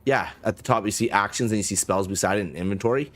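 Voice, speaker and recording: A man's voice: fairly low pitch, quick pace, a loud crowd. A man narrating as game master, hesitant, with many fillers and restarts.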